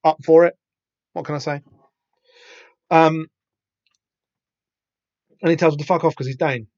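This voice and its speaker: A man's voice: a little high, fairly even intonation, unhurried, darkish tone, dry recording. A man hosting a podcast, talking through a comic in a rambling, casual way with lots of fillers and restarts. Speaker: podcast host. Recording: dull lo-fi sound.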